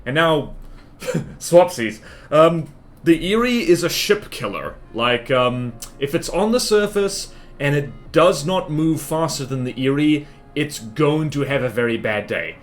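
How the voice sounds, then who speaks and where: A man's voice: a little high, lively intonation, a little slow. A man streaming a game live, chatting casually and rambling with lots of fillers and self-deprecating asides. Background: faint music and keyboard typing.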